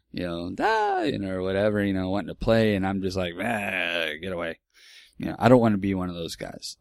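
A man's voice: low-pitched, a little mellow, no room sound, clean studio sound. A man in his forties telling a personal story in a casual, rambling way, candid and with some swearing. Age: 40s. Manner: rambling, candid, with profanity and restarts.

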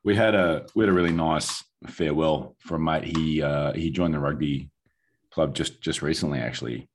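A man with an Australian accent and a very low voice talks in an easy, laid-back manner as a podcast co-host. He chats casually and stops to explain things for overseas listeners. His delivery stays relaxed and unhurried. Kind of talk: casual chat.

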